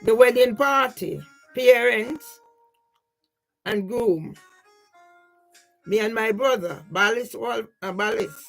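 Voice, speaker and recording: Older woman slowly narrating her photos. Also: fairly high pitch, gravelly, a bit bright, soft background music, rough recording. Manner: rambling, repeatedly asks "yeah?"; grieving, aggrieved. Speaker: vlogger. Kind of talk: casual talk over personal photos.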